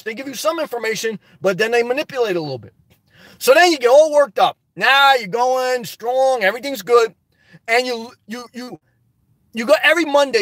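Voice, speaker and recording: Male livestream host, very high pitch, animated and preachy, dry close mic. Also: no echo. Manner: rambling, preachy and animated, laughs often. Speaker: livestream host reading viewer chat. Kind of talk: casual live chat.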